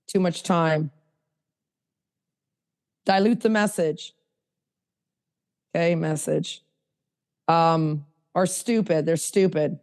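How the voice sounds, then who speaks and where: A woman hosting a podcast, teaching a hands-on workshop in a casual way, blunt and self-mocking, swinging from low asides to high emphatic bursts. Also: darkish tone. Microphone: podcast mic.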